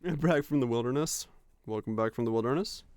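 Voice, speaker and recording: A man's voice: mid-range voice, fairly quick, darkish tone, no echo. A man streaming a game, chatting casually and telling rambling, laughing stories with lots of fillers. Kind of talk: casual chat while gaming.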